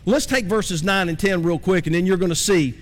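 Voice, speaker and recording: A man's voice: high-pitched, brisk. A man preaching a sermon in a conversational style, often putting questions to his congregation. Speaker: pastor. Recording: long reverb from a large hall.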